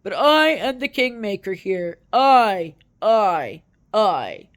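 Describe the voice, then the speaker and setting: A woman's voice: mid-range voice, sing-song, takes it slowly. A woman putting on a pompous, boastful older male politician who rambles and repeats himself. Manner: pompous, self-important, repetitive.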